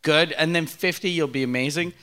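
Bright, teasing male co-host. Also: a little high, brisk, clean tone. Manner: joking, crude, teasing. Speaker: podcast co-host. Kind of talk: casual chat.

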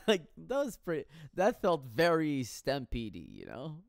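A man's voice: on the high side, wildly swooping pitch, unhurried, creaky, no echo, clean studio sound. A man telling stories in a casual solo monologue, rambling and profane with frequent laughter.

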